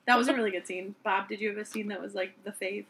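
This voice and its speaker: A woman co-hosting a podcast, chatting casually and giggling often. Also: medium pitch. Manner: giggly, lively, often laughing. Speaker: podcast co-host. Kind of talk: casual chat.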